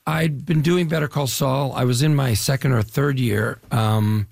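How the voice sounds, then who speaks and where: Interview guest, older man from the Chicago area, husky gravelly voice, dry sound, easygoing anecdotes. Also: mid-range voice, no echo. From Chicago area, US Midwest. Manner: relaxed storytelling, drawn-out phrases, frequent "yeah". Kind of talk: casual interview conversation.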